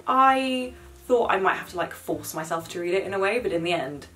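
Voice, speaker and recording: A young woman talking casually to camera about books, animated and blunt, with sarcastic asides. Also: fairly low pitch, fairly quick. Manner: chatty, animated, swears and mocks in quoted asides. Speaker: book vlogger. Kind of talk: casual chat.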